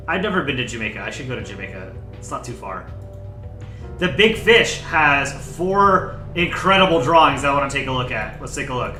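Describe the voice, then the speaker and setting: A man casually commenting on fan art during a live stream, relaxed and rambling with lots of fillers. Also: medium pitch, echoey room.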